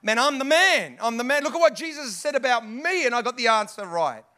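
A cocky, self-satisfied disciple crows about himself in a high, bright voice, as a male preacher puts him on. He swaggers through every word. It is a sermon voice lifted up a few notches. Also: expressive, measured pace, heavily acted. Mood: boastful.

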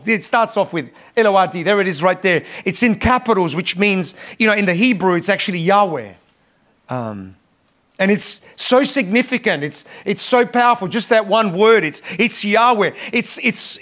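Male pastor preaching, high voice, fervent emphasis and repetition. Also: a bit bright. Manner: impassioned, rising in pitch on emphasis, frequent repetitions. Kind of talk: sermon.

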